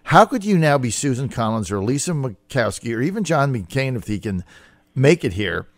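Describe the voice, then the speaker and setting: A male radio talk show host chatting in an energetic, opinionated way. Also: mid-range voice, moderate pace, no room sound.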